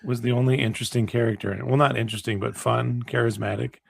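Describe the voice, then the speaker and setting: A man who is a guest on a casual film podcast, easygoing and quick to agree. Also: medium pitch, steady tone, creaky, a loud crowd.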